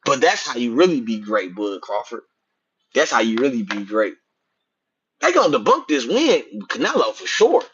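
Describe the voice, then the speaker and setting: Husky, animated man ranting about boxing. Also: mid-range voice. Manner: profane, animated, swinging between loud outbursts and muttered asides. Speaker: boxing commentator streaming to chat. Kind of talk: casual livestream rant. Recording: dull lo-fi stream audio.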